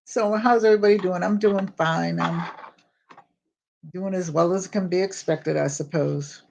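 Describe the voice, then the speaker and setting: A woman's voice: fairly low pitch, steady tone, measured pace, vocal fry, darkish tone. An older woman talks casually to her live viewers while she cooks in her home kitchen. She rambles from topic to topic and greets people by name. A faint hiss of noise sits under her voice. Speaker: home vlogger. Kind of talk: casual live-stream chat while cooking.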